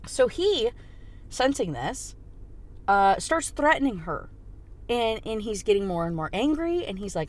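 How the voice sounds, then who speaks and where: A young woman giving a casual rant review, recapping a plot with quick voiced quotes and frequent swearing. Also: fairly high pitch. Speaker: book reviewer.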